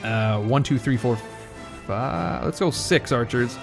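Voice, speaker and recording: A man's voice: medium pitch, slow, gravelly, music in the background. A man giving casual let's play commentary as a gaming channel host, joking with wry asides and chuckles.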